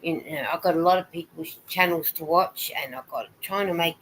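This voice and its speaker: Woman, low voice, rambling friendly live chat, knitting while talking, faint background hiss. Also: normal speed, fairly bright tone, rough recording. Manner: chatty and rambling, greeting viewers and reading their comments aloud. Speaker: knitting vlogger hosting a live stream. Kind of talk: casual live-stream chat.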